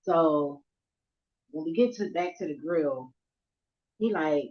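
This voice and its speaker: A woman vlogger tells her viewers a story in a slow, casual, profane rant, laughing often. Her volume swings from low murmurs to near shouts, and the recording is muffled.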